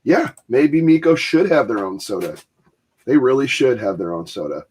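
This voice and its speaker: A man's voice: mid-range voice, big pitch swings, moderate pace, a little mellow, breathy edge. Laughing man in casual chat. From Michigan, US. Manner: rambling, laughing, acts out quoted voices. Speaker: podcast host.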